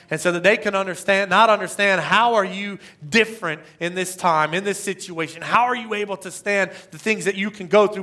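High, bright-voiced middle-aged male preacher. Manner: emphatic preaching, repeats phrases and asks rhetorical questions. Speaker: pastor. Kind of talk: sermon.

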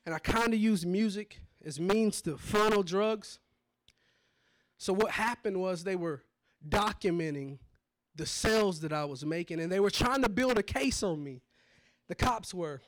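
High-voiced man preaching a dramatic testimony. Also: a little slow. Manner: dramatic storytelling, swings from hushed to shouting. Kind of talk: testimony sermon.

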